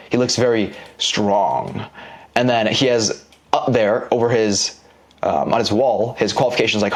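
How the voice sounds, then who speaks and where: A man teaching an online business course in a casual, slangy lecture style, explaining ideas by drawing examples on a board. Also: medium pitch.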